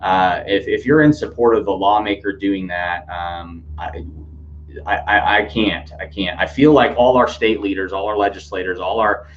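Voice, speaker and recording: A man's voice: deep voice, moderate pace. Rambling man on a lo-fi podcast. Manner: rambling, many fillers and restarts. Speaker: podcast host. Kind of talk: casual news commentary podcast. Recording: dull lo-fi sound with faint hum.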